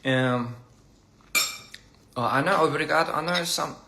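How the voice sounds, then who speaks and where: A man chatting casually on a live stream during a meal, playful and halting, repeating phrases as he practices pronunciation. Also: fairly high pitch, gravelly, background noise. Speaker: livestream host. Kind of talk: casual live-stream chat while eating.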